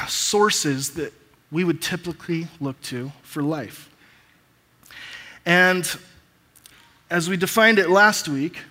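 Male pastor, slightly high voice, preaching and reading scripture in a church with long hall reverb. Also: a bit bright.

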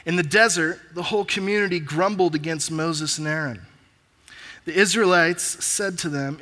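A man preaching a sermon as pastor and reading scripture aloud with pauses. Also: on the high side, pushed and bright. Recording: long reverb of a large hall.

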